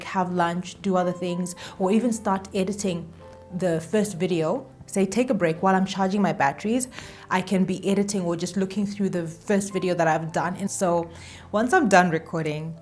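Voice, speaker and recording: Woman YouTuber, lowish voice, casual and chatty to camera, faint music bed. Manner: chatty, self-deprecating, repeats herself for emphasis.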